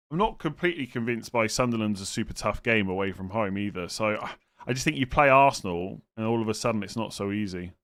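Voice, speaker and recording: A fantasy football streamer with a fairly low, slightly bright voice chats casually on a live stream. He thinks aloud while answering viewers' questions, often hesitant and occasionally exasperated.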